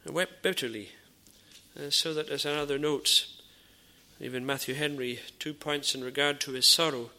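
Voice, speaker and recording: A man preaching a sermon in an earnest, measured way, with frequent pauses and repeated phrases. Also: on the high side, steady tone, pushed and bright. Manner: drops to a near whisper in dramatised dialogue.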